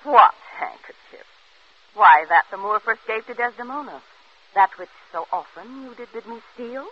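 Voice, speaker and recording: An uneasy young wife. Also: male voice, high-pitched, expressive, moderate pace, slightly rough. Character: anxious young wife of the villain. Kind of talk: 1950s radio drama acting. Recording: dull noisy old radio broadcast.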